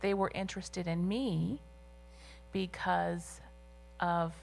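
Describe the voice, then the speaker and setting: A woman renders a deaf guest's signed responses into speech for an interview, measured and a bit halting. She has a fairly low voice with fairly even intonation and vocal fry.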